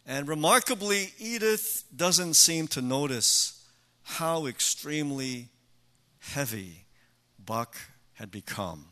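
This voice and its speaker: An older male preacher giving a sermon in a measured way, with emphatic rhetorical questions. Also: on the high side, expressive, bright, forceful tone.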